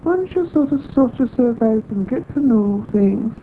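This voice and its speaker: A woman tells her story at an unhurried pace, slipping into the voices of the people she remembers. Her voice sits fairly high, and the recording is tinny and phone-like, with a faint hiss underneath. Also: lively intonation. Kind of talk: recounting a personal experience. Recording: tinny phone-like old tape.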